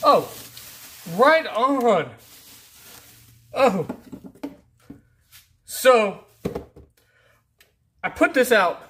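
A man hosting a casual mail-call vlog, rambling and easygoing as he opens packages, often trailing off into low mutters. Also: very animated, very slow, pauses often, a bit bright. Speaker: YouTube channel host. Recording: faint background noise.

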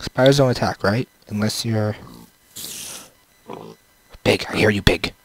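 Lowish and unhurried, a young man's voice comes through a headset with slight background noise and game music underneath. He casually talks to himself about his own gameplay, slipping into playful sing-song bits.

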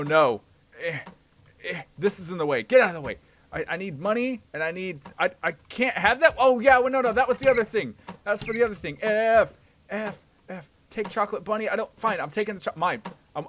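A young man narrates his game run as a let's play host, muttering one moment and yelling the next. His voice is bright and rather high, and it rises and falls a great deal. A faint hiss sits behind the recording. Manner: animated, swings from mumbling to excited yelling. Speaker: gaming YouTuber.

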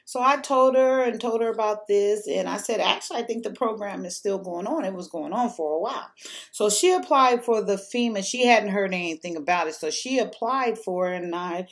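A woman with a mid-range, brisk voice tells the camera a personal story. She rambles casually, swears freely, and fills the gaps with ums and restarts.

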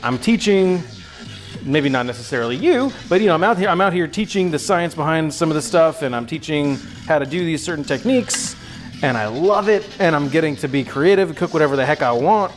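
A man's voice: on the high side, expressive, a little fast, soft background music. A man streaming a casual cooking lesson from his home kitchen, rambling and joking with his chat. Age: adult. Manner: rambling, jokey, talks to chat.

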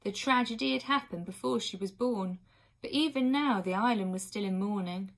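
A woman's voice: medium pitch, moderate pace. Woman reading a children's book aloud. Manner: expressive, with occasional asides to the listener. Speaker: reader.

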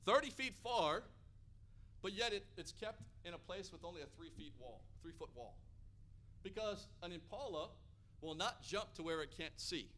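An American man preaches with a high, ringing voice that is bright and cutting. He delivers the sermon with energy and often climbs to loud, emphatic peaks. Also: lively intonation, normal speed.

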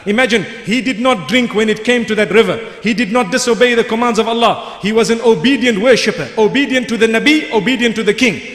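A man's voice: high voice, quick pace, hardly any pauses, a bit bright. A man giving a sermon, telling a story in a vivid, emphatic way and repeating key phrases for weight. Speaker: Islamic preacher. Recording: echoey hall with long reverb.

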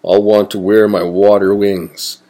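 A small, fretful weasel from a storybook, speaking slowly in a low, unhurried voice, as a man reads him aloud. He sounds eager and earnest, the kind of worried little creature a children's book brings to life. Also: little pitch movement, warm tone. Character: cheerful anxious male weasel, small.

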